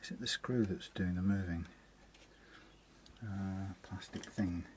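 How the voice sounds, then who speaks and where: Low-voiced man in a guitar workshop. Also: fairly even intonation, takes it slowly, a little mellow, slight background noise. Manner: rambling, self-interrupting, mutters to himself. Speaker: guitar technician. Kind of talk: casual workshop talk-through. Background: guitar being plucked.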